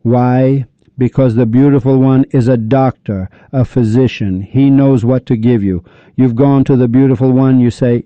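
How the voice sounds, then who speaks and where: A man's voice: medium pitch, fairly even intonation, normal speed, dry recording. A man giving an impassioned religious lecture, firing rhetorical questions and scolding his listeners. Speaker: religious speaker. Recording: dull lo-fi dry recording.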